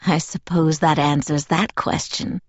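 A woman doing a silky, slow-talking ancient vampire lord. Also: deep voice, steady tone, no echo, muffled recording, voice pushed down. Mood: businesslike. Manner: slow, caressing and affectionate. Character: smooth, silky ancient male vampire leader.

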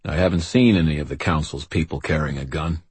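A man voicing a terse, impassive hired bodyguard who speaks flatly and bluntly. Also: rumbling low, fairly quick, husky, dry recording, heavily acted. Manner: flat, terse, unexpressive.

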